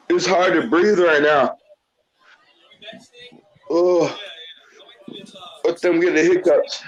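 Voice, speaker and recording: Pained man slowly groaning through heat. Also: on the high side, fairly even intonation. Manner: groaning, pained, after a hot chip challenge. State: mouth burning, teary. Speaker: caller on video chat. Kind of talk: live call-in chat. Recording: dull lo-fi video call audio.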